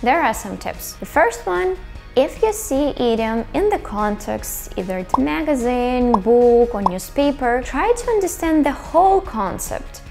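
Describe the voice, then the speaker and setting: A young woman whose first language is Ukrainian or Russian, explaining English in a clear video lesson. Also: high voice, very animated, measured pace, darkish tone, faint music behind. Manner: clear, explanatory, with stressed example phrases. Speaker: English teacher.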